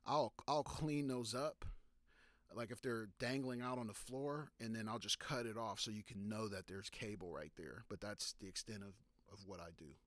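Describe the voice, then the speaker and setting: A man's voice: fairly low pitch, normal speed, a bit bright, no room sound. A man giving photography tips on a live stream, talking loosely with fillers and restarts and stopping to answer viewer questions. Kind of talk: casual live-stream talk.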